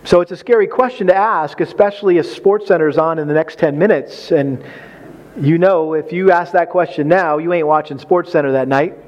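Male preacher, high voice, chatty and humorous, slightly muffled sound. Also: normal speed. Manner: conversational, folksy, with acted-out quotes and humor. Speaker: preacher speaking on marriage. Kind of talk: sermon.

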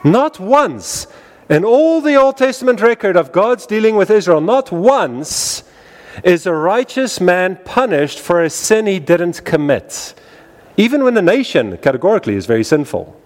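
Man, preacher, sermon, emphatic, repetitive cadence, fairly high voice. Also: very animated, normal speed. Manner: emphatic, repetitive cadence with wide swings in pitch.

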